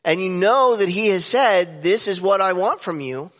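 A high-pitched man delivers a sermon from the pulpit, leaping upward in pitch to stress his points. His voice rings with a long reverb in a church hall. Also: moderate pace. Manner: animated preaching with sudden pitch jumps for emphasis. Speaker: pastor.

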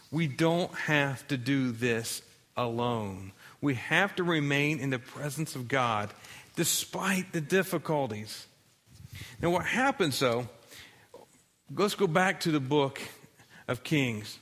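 A man's voice: mid-range voice, expressive, slow pace, a bit bright, in a large hall. A male pastor giving a sermon in a conversational preaching style, with dramatic readings of scripture.

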